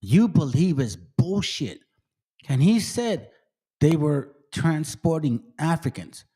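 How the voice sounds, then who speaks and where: A man's voice: a little high, expressive, measured pace, warm tone, husky. A man hosting his channel, giving angry, profane commentary on videos he plays. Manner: profane, heated, ranting. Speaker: channel host.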